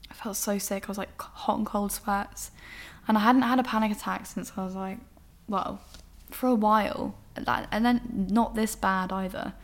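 A frank young Englishwoman who hosts a podcast tells a candid personal story in a medium-pitched, steady voice at a moderate pace. She's emotional and rambling, swearing openly as she speaks.

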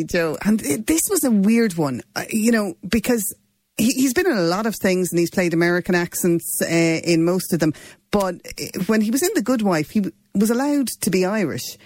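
A woman co-hosting a radio chat show, dry-humored and conversational. Her voice is mid-pitched and very dry, close to the studio mic. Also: darkish tone, no echo. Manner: wry, conversational. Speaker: radio co-host.

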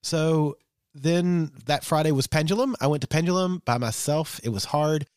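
A man's voice: on the high side, moderate pace, a little mellow, clean tone, dry recording, studio quality. A man co-hosting a podcast, telling personal stories in a frank, rambling way with plenty of fillers. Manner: candid, rambling storytelling with many fillers. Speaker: podcast co-host. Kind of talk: casual chat.

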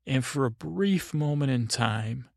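A man's voice: mid-range voice, expressive, a little slow, creaky, dry recording, studio quality. A middle-aged man hosting a podcast, telling a meandering bedtime story full of fillers and restarts. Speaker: podcast host.

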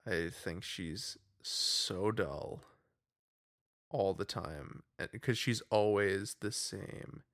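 A man's voice: low-pitched, very slow, a bit bright, no room sound, clean studio sound. A man co-hosting a casual film podcast, rambling and jokey with lots of fillers. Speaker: podcast co-host. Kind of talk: casual film review chat.

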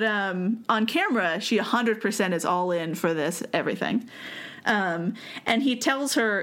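A woman's voice: medium pitch, a bit bright. Young woman host, casual conversational storyteller, laughs often, loose with fillers. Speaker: podcast host telling the story. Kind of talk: casual chat.

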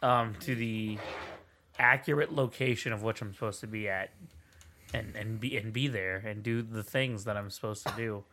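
A man's voice: lowish voice, normal speed, pushed and bright, slight background noise. A man playing a tabletop role-playing game, rambling and self-mocking, often laughing at himself. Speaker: player. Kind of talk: tabletop role-play chat.

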